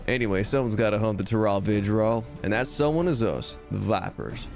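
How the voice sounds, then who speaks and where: A streamer voicing a gruff middle-aged frontier monster-hunter man in a slow, lowered, put-on American Western drawl, over faint game music. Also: darkish tone. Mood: sly.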